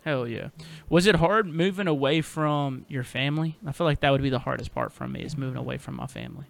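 A man's voice: medium pitch, fast talker, gravelly. A man hosting a podcast, chatting in a hyped, slangy way, full of dude and bro. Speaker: podcast host. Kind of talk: casual podcast chat.

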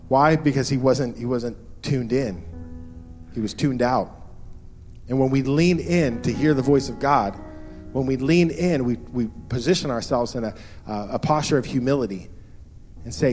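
A man's voice: medium pitch, normal speed, a little mellow, soft background music. A man in his thirties preaching a sermon as pastor, earnest and repeating key phrases for emphasis.

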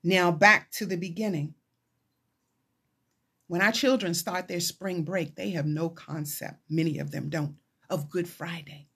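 Slow, husky woman chaplain preaching. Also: on the low side. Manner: retelling scripture with dramatized voices, rising to excited pleas. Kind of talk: sermon.

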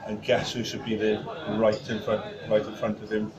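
With crowd chatter behind him and dull audio, a podcast guest from Wales tells stories in a chatty, casual way. His lowish voice is monotone at a moderate pace, and he fills his speech with fillers and restarts.

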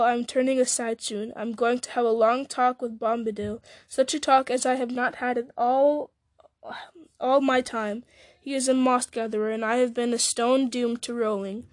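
A woman reading the lines of an old male wizard, grave and measured. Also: on the high side, steady tone, a little mellow, no echo, lightly acted.

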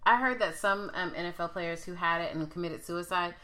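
A woman's voice: lowish voice, brisk, pushed and bright. A woman co-hosting a casual podcast, giving blunt, emphatic opinions. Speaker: podcast co-host. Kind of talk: casual chat.

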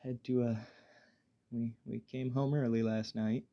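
A man hosting a casual solo podcast while high, rambling in a laid-back way, swearing freely and stammering through restarts. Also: level tone, unhurried, muffled recording. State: high on weed. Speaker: podcast host.

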